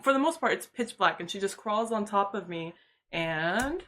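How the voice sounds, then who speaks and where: Bright-voiced young woman streamer. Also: mid-range voice, lively intonation, moderate pace. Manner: candid, laughs often, swears freely. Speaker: livestreamer. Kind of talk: casual livestream commentary.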